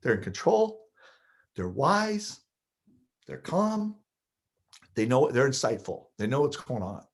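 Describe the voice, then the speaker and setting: A man's voice: medium pitch, big pitch swings, slow pace, pauses often, husky. A middle-aged man telling an emotional childhood story in casual conversation, laughing at points.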